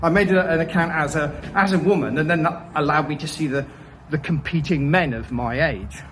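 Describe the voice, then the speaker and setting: A man casually telling a story about his own life, with wry, self-deprecating asides and frequent pauses and fillers. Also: on the high side, a bit bright, slight background noise, rough recording. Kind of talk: casual first-person storytelling.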